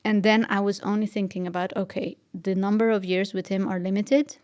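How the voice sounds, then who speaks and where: A woman's voice: medium pitch, flat delivery, a little fast, darkish tone, smooth. A woman as a podcast guest, telling a personal story in an earnest, reflective way, sometimes dropping almost to a whisper. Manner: earnest, reflective, drops to a near-whisper at tender moments.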